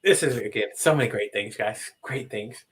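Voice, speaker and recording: A man hosting a live-stream show over a video call, talking excitedly with frequent restarts and calling out to viewers. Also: fairly low pitch, breathy edge. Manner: excitable, halting, addresses viewers as guys. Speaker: host. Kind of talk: casual live-stream chat.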